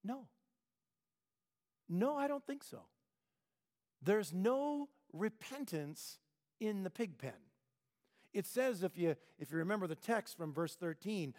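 Male preacher, high voice, conversational sermon full of rhetorical questions, long hall reverb. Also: lively intonation, slow pace, long pauses, a little mellow. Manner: conversational, asks rhetorical questions, acts out quotes.

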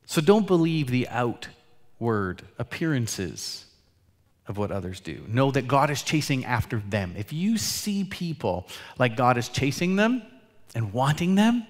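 A man preaching a sermon as pastor, earnest, swinging between loud emphatic lines and quiet, soft asides. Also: medium pitch, big pitch swings, measured pace. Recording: long hall reverb.

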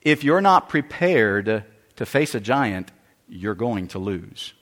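A man's voice: on the low side, very animated, slow pace, fairly bright tone. A man preaching a sermon with dramatic delivery, acting out the voices of Bible figures and worried churchgoers. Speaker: pastor. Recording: long hall reverb.

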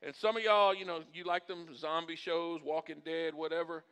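A man preaching a sermon as pastor, animated and folksy, building to loud, impassioned peaks. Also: on the high side, normal speed, clean tone. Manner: folksy and humorous asides.

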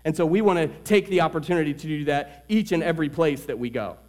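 Male pastor, slightly high voice, earnest sermon delivery with big dynamic swings. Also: fast. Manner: earnest preaching with swings between loud emphasis and quiet; tells a joke story in the middle.

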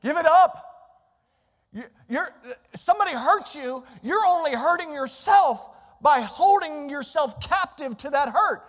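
High-voiced preacher in a reverberant hall. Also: male voice, lively intonation, measured pace. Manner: preaching with dramatic swings in loudness, acting out inner complaints. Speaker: pastor. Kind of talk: sermon. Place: church sanctuary.

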